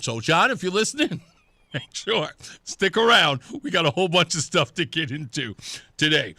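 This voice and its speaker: A man's voice: normal speed, no room sound. A man hosting a talk radio show, chatting casually and joking around. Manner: animated, joking, drops into low mock voices. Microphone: studio microphone.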